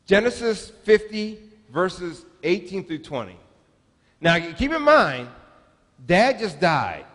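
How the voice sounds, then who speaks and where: A man's voice: sits high, very animated, takes it slowly, a bit bright, big-room sound. A man in his forties, a pastor giving a sermon in a chatty, humorous storytelling manner, recorded in a church sanctuary.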